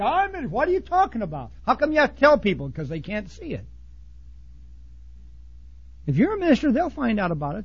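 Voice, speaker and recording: A man preaching a blunt, folksy sermon to ministers, swinging from loud outbursts to hushed asides. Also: high-pitched, muffled recording. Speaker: pastor.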